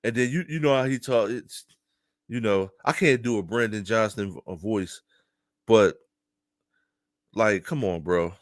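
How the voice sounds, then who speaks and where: A man from Philadelphia giving casual, animated opinion commentary to his viewers, laughing often and talking straight to them. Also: lowish voice, measured pace, pauses often, dry recording, clean studio sound. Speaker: news commentary streamer.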